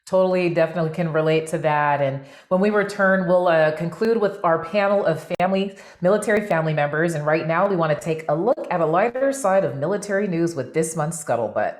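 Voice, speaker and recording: A woman hosting a talk show, friendly and quick to laugh. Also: lowish voice, reverberant. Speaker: TV show host. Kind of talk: show host links.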